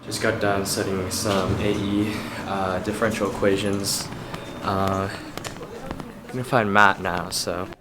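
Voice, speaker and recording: A man's voice: sits low, level tone, unhurried, background noise. A young man, a college student, chatting casually to his camera in a slangy, laid-back vlog style. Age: young adult. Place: around a college campus, indoors and out.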